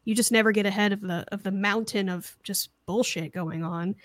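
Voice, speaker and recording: A woman co-hosting a podcast in casual chat, who explains her points in a measured way. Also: mid-range voice, steady tone, no echo.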